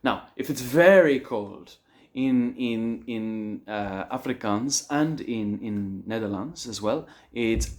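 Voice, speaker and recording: A man teaching an online English lesson on slang, lively and chuckling as he explains words. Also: medium pitch, takes it slowly. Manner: lively, acts out example phrases with chuckles.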